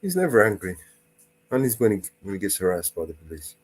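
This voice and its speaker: A man's voice: sits low, very animated, quick pace, a little hiss or hum. A man hosting a live stream panel, chatting casually, laughing often and rambling through stories.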